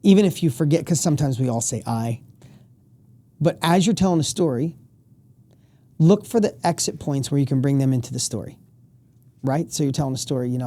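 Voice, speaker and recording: Emphatic motivational man, mellow tone. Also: medium pitch, fairly quick, pauses often. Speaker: guest. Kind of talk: podcast conversation.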